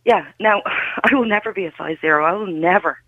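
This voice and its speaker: A woman's voice: fairly low pitch, fairly bright tone, no echo, dull audio. Frank, chatty woman co-host. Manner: frank, chatty, quick to laugh. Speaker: radio co-host. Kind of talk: casual radio chat.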